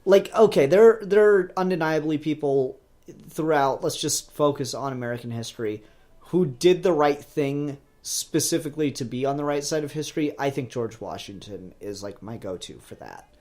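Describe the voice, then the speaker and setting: A podcast co-host talks in a casual, conversational way. He gets animated and drifts into digressions about history, with filler words and restarts along the way. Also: a little high, moderate pace. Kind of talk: casual movie discussion.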